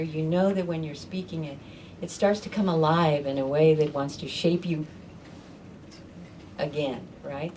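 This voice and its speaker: A woman with a slightly low voice hosts a grown-up storytelling night in a living room. She tells her own story with animation, laughter and acted-out voices. She is picked up from a distance, with faint room noise around her. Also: dark tone. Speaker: storyteller host. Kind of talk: live personal storytelling.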